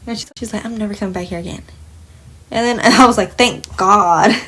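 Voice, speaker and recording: A woman's voice: medium pitch, steady tone, quick pace, breathy edge. Blunt, swearing young woman telling a story. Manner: blunt, expletive-laden, indignant retelling with quoted dialogue. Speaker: vlogger telling a work story. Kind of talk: casual storytime while doing makeup.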